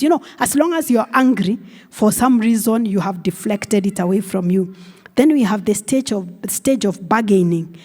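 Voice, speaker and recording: A woman's voice: medium pitch, animated, normal speed, a little mellow. Kenyan woman preaching in reverberant church. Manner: conversational, explanatory teaching tone. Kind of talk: sermon. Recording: long church hall reverb.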